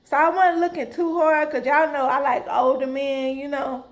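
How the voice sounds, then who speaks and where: A middle-aged woman tells a story straight to her viewers. Her voice sits high and she talks in a lively, dramatic way, calling out to them as "y'all". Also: moderate pace. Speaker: vlogger. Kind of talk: casual storytelling to camera.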